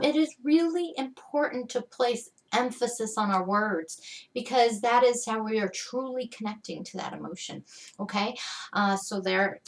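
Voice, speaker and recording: A woman's voice: on the high side, recorded from a distance. A woman leading an EFT tapping lesson, talking to the viewer in a chatty way and saying her affirmation phrases with strong emphasis.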